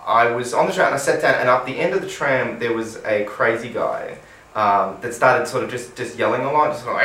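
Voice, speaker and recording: A man's voice: mid-range voice, brisk, pushed and bright, echoey room, far from the mic, rough recording. A man with an Australian accent co-hosting a casual chat, telling a rambling story, swearing casually and acting out the people he quotes. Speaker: co-host.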